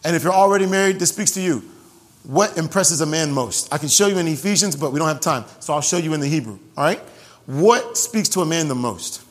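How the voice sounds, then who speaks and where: A man preaching a sermon to his congregation in an animated way, joking and repeating phrases for emphasis. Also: on the high side, fairly quick. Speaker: pastor. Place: church sanctuary. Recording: long hall reverb.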